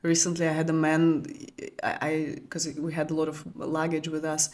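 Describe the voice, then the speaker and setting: A woman whose first language is Russian, giving an intimate teaching talk as a spiritual coach for women. She speaks softly and in a flowing way, searching for words and repeating them, and often drops to a hushed, near-whispered tone. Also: low-pitched, monotone, moderate pace.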